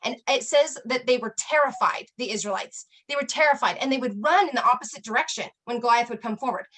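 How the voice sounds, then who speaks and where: A woman's voice: a little high, quick pace, fairly bright tone. A middle-aged woman, a health coach, giving a motivational talk and telling a story earnestly, with emphatic repetition.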